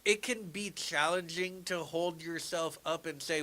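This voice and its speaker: A man's voice: fairly high pitch, measured pace. A man co-hosting a podcast, retelling a show at length with lots of restarts. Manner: talkative, animated retelling with many restarts. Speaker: podcast co-host. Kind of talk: casual chat.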